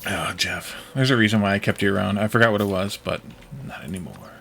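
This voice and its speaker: A man's voice: fairly low pitch, brisk, creaky, fairly bright tone, a little hiss or hum. Joking man rambling over gameplay. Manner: rambling, joking, trying out foreign words. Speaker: streamer playing a modded factory game. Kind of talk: casual gameplay commentary with chat.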